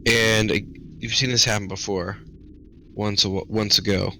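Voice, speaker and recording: Bright-toned man playing his character. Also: on the low side, level tone, moderate pace, vocal fry, slight background noise, poor audio. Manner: playful, dramatic, describes his character's actions. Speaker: player. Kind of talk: casual tabletop play.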